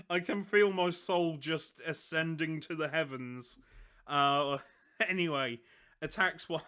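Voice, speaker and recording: A man's voice: on the high side, slow pace, bright, forceful tone, clean tone. A young man giving casual, self-mocking commentary on tabletop game rules, laughing often and swearing freely. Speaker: tabletop wargame channel host.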